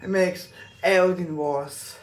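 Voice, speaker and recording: A man talking in a personal reflective vlog, halting and earnest, searching for his words. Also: sits high, fairly even intonation. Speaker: vlogger.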